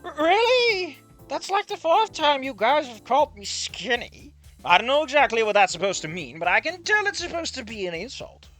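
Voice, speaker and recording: A nervous, skinny young man from a fan fiction, played by the reader, raising his voice higher than the reader's own. He stammers and gets defensive, and the voice swings up and down a lot. Faint music plays underneath. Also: big pitch swings, moderate pace, fairly bright tone.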